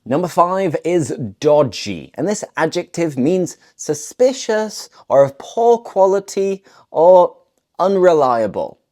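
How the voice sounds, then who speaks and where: Low-voiced, unhurried British woman teacher. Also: big pitch swings, mellow. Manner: playful, explains then models example phrases. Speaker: English teacher. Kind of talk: scripted language lesson to camera.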